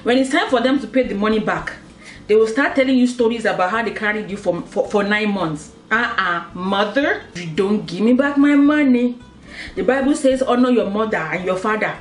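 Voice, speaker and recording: A woman's voice: mid-range voice, moderate pace, reverberant, distant mic, soft background music. A young Nigerian woman with a Nigerian accent, joking and teasing through a comic vlog monologue full of rhetorical questions. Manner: animated, teasing, rhetorical questions, laughs often. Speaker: comedy vlogger.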